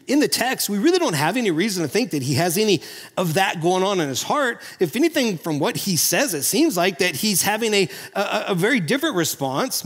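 A man from Oklahoma preaching a sermon as pastor, earnest and animated, often restarting his sentences. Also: high-pitched, brisk, long reverb tail. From Oklahoma, USA.

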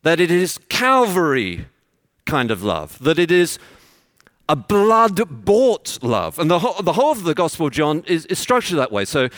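A man's voice: fairly high pitch, big pitch swings, a little fast, fairly bright tone, no room sound, clean studio sound. A man preaching an expository sermon, explaining his points in a teacherly way with everyday examples.

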